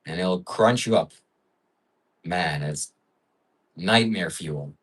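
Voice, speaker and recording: A man hosting a casual livestream rambles along in a lowish voice, with frequent fillers as he muses. He sits a little way back from the mic. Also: slow, a bit bright, husky, far from the mic, rough recording. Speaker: livestream host.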